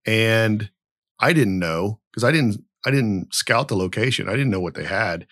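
A man's voice: lowish voice, expressive, normal speed, fairly bright tone, dry recording, studio quality. A middle-aged man hosting a podcast, telling a long story in a rambling, blunt and profane way. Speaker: podcast host. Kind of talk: casual podcast chat.

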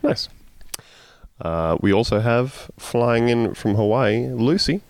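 A man hosting a casual comedy podcast, wry and deadpan, sounding tired. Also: mid-range voice, slow pace, no echo. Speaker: podcast host.

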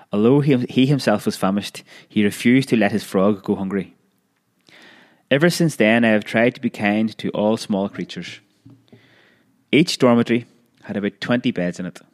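Low-voiced man reading a memoir. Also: a little mellow. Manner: measured, with occasional restarts. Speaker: narrator.

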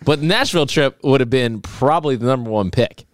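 Man, podcast co-host, playful and bragging, very lively pitch, close dry mic. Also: a little fast, no echo. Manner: playful, boastful, laughs and shouts when excited. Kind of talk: casual sports podcast banter.

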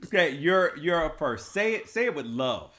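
A man's voice: a little high, sing-song, normal speed, fairly bright tone. A young man, co-host of a couple's chat show, talking in a playful, affectionate, easygoing way about his wife. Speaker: co-host, husband.

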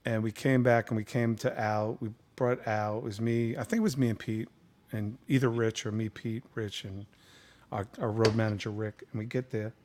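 A man's voice: on the low side, moderate pace, slight background noise. A man, a guest on a conversational show, telling a story casually and with animation. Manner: animated, laughing, lively storyteller.

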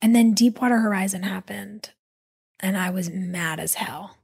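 A woman guest in a casual interview, telling stories animatedly with quick asides. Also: mid-range voice, gravelly, darkish tone, breathy edge. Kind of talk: casual conversational storytelling.

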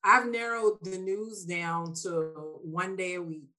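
Soft-spoken, weary woman chatting. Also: fairly low pitch, steady tone, slow pace, low-quality recording. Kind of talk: casual chat.

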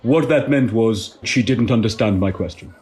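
A man's voice: fairly low pitch, moderate pace, a little mellow, natural voice. A man playing a pompous, self-satisfied tour guide in a comedy audio sketch, talking in a mock-learned way.

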